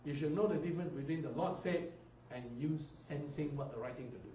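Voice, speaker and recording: Animated pastor preaching in echoey hall. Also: male voice, on the high side, fairly quick, slight background noise. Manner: animated preaching, mimics people, swings loud and soft. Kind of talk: sermon. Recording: echoey hall, distant mic.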